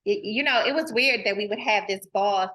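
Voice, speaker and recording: A woman's voice: mid-range voice, normal speed, a bit bright. A woman host talking in a heartfelt, casual way, earnest and emotional, and addressing her audience directly in informal speech. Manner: informal and folksy, full of "girl" and "y'all".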